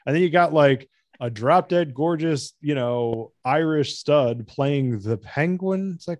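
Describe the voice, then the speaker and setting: An American man talking excitedly in a casual podcast chat, rambling and swearing. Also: on the high side, unhurried, no echo. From United States.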